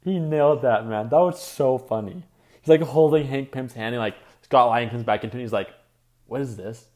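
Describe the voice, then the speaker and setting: A man's voice: mid-range voice, fairly quick, a little mellow. A man co-hosting a podcast in casual chat, enthusiastic and laughing as he retells scenes. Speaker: podcast co-host.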